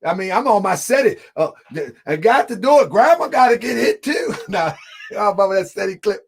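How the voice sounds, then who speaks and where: A man in a heated live debate, speaking emphatically, often shouting, repeating lines for effect and calling the audience family. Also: high-pitched, expressive, brisk, gravelly, breathy edge.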